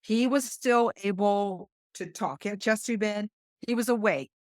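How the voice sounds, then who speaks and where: A middle-aged woman with a West Virginia accent, a combat flight nurse telling a story as a podcast guest, animated and acting out what others said. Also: mid-range voice, normal speed, dry recording, studio quality. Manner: animated, quotes others in lively voices. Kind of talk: conversational storytelling.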